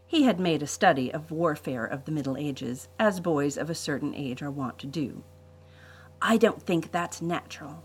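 A woman hosting a podcast, reading a family adventure story in a measured storybook way. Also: deep voice, lively intonation, darkish tone, breathy edge, poor audio. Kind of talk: scripted story narration.

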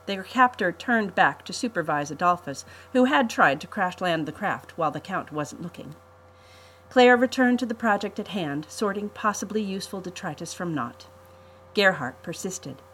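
A woman hosting a podcast, reading a family adventure story in a measured storybook way. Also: fairly low pitch, lively intonation, fairly bright tone, slight background noise, low-quality recording. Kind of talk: scripted story narration.

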